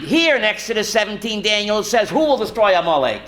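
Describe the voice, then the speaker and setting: A rabbi teaching a Torah class to students, animated and full of rhetorical questions. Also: male voice, high-pitched, fast talker. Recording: roomy classroom echo.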